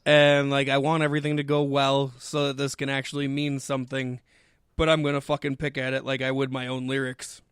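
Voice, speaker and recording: A man's voice: mid-range voice, completely flat delivery, fairly quick, a bit bright, smooth, no room sound, studio quality. A man co-hosting a podcast, talking bluntly and casually and swearing freely. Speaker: podcast co-host. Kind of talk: casual chat.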